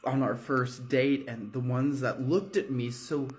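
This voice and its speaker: A man's voice: mid-range voice, steady tone, a little slow, a little mellow, natural voice. A man voicing a grieving, enraged adult wife who talks in raw, breaking, cursing bursts.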